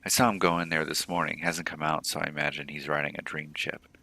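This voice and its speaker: A man's voice: rumbling low, little pitch movement, fast, creaky, bright, forceful tone, heavily acted. A man reading aloud the lines of a frightened mother in a cyberpunk video game, in his own plain voice. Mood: wary. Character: frightened middle-aged mother in a cyberpunk slum.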